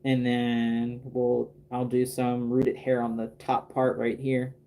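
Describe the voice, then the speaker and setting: A man talks through his craft work on a casual livestream, rambling along with plenty of ums and restarts. His voice is mellow and warm, never bright. His pitch sits in a middle range. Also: monotone, slow pace. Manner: rambling, chatty, many fillers and restarts. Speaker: doll artist painting on a livestream. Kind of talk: casual livestream chat while working.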